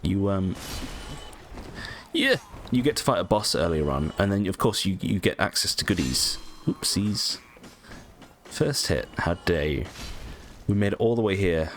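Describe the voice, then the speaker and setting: Let's-play host: low-pitched man, rambly and animated, swears casually over gameplay. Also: measured pace, slight background noise. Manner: rambling, lots of ums, casual swearing, self-mocking. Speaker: gaming channel host.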